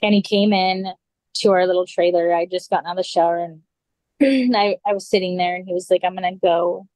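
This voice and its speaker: A woman sits as a podcast guest and tells a personal story in a loose, conversational way. Her voice sits low for a woman and sounds dry and close, with no room around it. She leans on "like" and quotes each person's words as she goes. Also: fairly even intonation, fairly quick, darkish tone, no echo, low-quality recording. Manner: casual, full of "like" and quoted dialogue.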